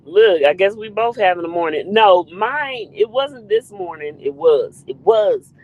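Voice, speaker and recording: A woman's voice: medium pitch, animated, unhurried, darkish tone, dull audio. A woman hosting a casual live stream, greeting viewers in the chat by name in a playful way.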